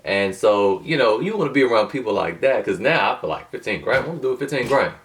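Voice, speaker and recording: A man's voice: medium pitch, lively intonation, fast talker, a bit bright, far from the mic. A man talking casually to camera as a motivational host, rambling and digressive with loose slang and many restarts.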